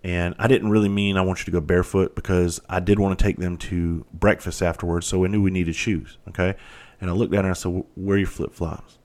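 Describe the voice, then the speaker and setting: A man's voice: low-pitched, level tone, fast, darkish tone. A man hosting a podcast, talking candidly in a rambling, profane monologue. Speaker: podcast host. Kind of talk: casual monologue.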